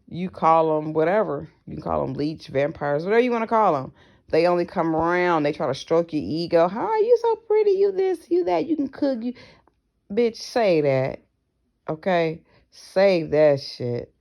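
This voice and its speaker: A woman speaks straight to her viewers in a loose, personal vlog. Her voice carries a lot of vocal fry and gravel. She is frank and profane and drops in slangy asides. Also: sits low, darkish tone. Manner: acts out other people's voices in her stories. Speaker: vlogger. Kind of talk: casual personal vlog monologue.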